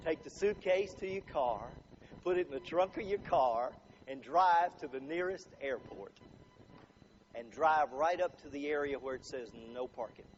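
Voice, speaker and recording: High-voiced man quizzing a live crowd. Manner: chatty, quizzes the crowd with show-of-hands questions. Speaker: motivational speaker. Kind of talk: humorous live talk to an audience. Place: room with a live audience. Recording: dull lo-fi recording with faint noise.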